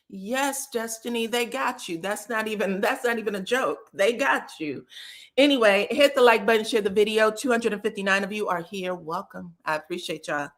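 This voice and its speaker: A woman's voice: medium pitch, normal speed. A woman hosting a casual livestream recap of a reality show, telling the drama in a sassy, slangy, profane way and acting out what people said. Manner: acts out quotes with lively voices.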